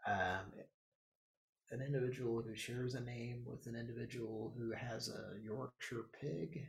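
A man's voice: mid-range voice, unhurried, creaky. A man hosting a live show, chatting casually with crude jokes and banter. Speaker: podcast host. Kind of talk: casual live-stream chat.

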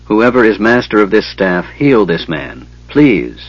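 A man's voice: fairly low pitch, sing-song, measured pace, slightly rough, no room sound, exaggerated voice. A man voicing a determined young female healer in an audiobook reading, on lo-fi cassette tape. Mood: pleading.

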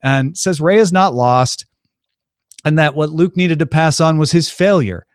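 A man hosts a casual podcast, recapping a film in a breezy, jokey way and now and then mimicking the characters. His voice sits fairly high. The sound is dry and close to the mic. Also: dry recording. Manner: breezy, jokey, slips into quick impressions of characters.

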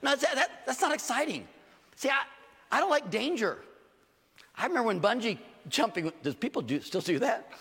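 An older man, a pastor delivering a sermon with animated, joking stories and acted asides. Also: extremely high pitch, moderate pace, slightly rough, in a large hall.

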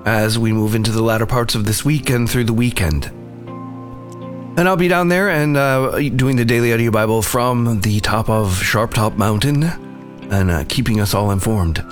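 A man hosting a daily podcast, giving earnest, unhurried closing announcements. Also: medium pitch. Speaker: podcast host.

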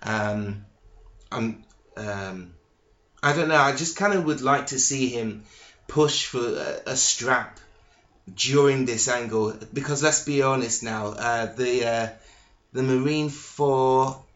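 A man hosting a solo podcast, talking casually in a halting, hesitant way, full of ums, restarts and swearing. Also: mid-range voice, a bit bright. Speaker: podcast host. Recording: echoey, dull lo-fi room recording.

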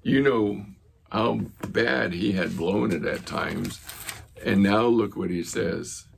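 Low, deeply gravelly male pastor. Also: takes it slowly, slight background noise. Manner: earnest, retells conversations. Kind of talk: sermon with storytelling.

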